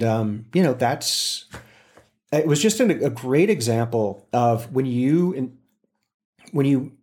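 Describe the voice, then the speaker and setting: A man telling a story in an interview, with animated delivery and frequent restarts. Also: mid-range voice. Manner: animated, acts out quotes with voices. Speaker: interview guest. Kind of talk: casual storytelling.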